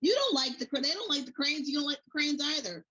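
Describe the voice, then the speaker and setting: A woman's voice: high voice, animated, fast, bright, forceful tone, dull audio. A woman guest co-host in casual recap chat, speaking emphatically and acting out her own reactions.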